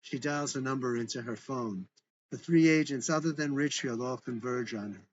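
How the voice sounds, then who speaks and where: A man's voice: medium pitch, moderate pace, highs cut off, a little hiss or hum. A man reading a script aloud with stage directions in a plain, matter-of-fact way. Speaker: narrator and author.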